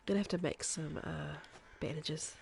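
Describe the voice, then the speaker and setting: A young woman from New Zealand with a softened New Zealand accent, chatting casually and rambling with many fillers as she streams a game. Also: deep voice, steady tone, normal speed, vocal fry, a little hiss or hum. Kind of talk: casual live game commentary.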